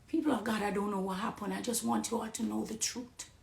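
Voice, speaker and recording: A middle-aged Jamaican woman giving an impassioned personal testimony on a live stream, preachy, swinging between hushed confiding and loud accusing. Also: medium pitch, fairly even intonation, fast talker, vocal fry, roomy sound. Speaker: dancehall artist on a live stream.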